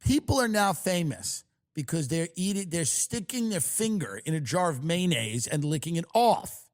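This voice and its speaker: A man hosting a comedy podcast, ranting in a loud, mocking, exaggerated way. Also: a little high, big pitch swings, normal speed. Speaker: podcast host. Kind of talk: comedic rant.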